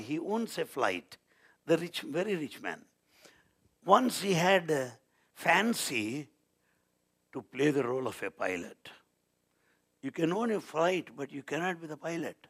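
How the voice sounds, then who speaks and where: Slow, lively man preaching. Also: on the high side. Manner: dramatic, swings between loud declarations and quiet asides. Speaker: spiritual speaker. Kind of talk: devotional storytelling talk.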